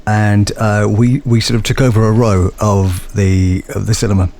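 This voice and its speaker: A man's voice: fairly low pitch, flat delivery, normal speed, a little mellow. A man, a voice actor talking enthusiastically and with self-mocking humour in an interview. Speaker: voice actor and guest. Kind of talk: animated interview chat.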